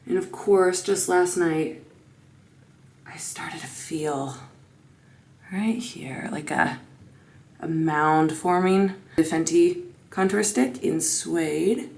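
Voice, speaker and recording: Brief: woman in her thirties, a bit low-pitched, chatty and upbeat, vlogging at home on a handheld camera. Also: takes it slowly, creaky, pauses often. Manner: chatty and upbeat, hushed at times. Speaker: vlogger and sports broadcaster. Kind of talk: casual vlog chat to camera. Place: home, getting ready in the morning.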